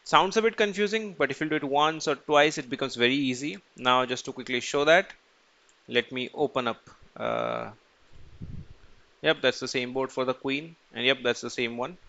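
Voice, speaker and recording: Chatty man teaching chess, bright voice. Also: mid-range voice, moderate pace, vocal fry, lo-fi sound. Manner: chatty, asks and answers his own questions. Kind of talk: casual screen-recorded tutorial.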